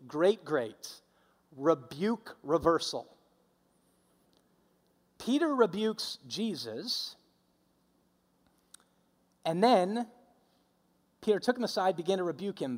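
Emphatic high-voiced male preacher. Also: in a large hall. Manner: emphatic, repetitive preaching with audience call-and-response. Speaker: pastor. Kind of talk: sermon.

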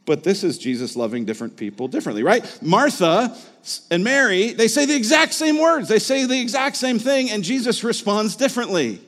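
A man's voice: high voice, sing-song, fairly quick, a bit bright, long reverb tail. A man preaching a sermon as a pastor, talking in a conversational way and asking the listeners rhetorical questions.

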